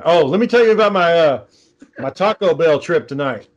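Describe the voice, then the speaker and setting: A man's voice: fairly high pitch, animated, quick pace, muffled recording. A man in casual chat, telling long stories with many fillers and restarts.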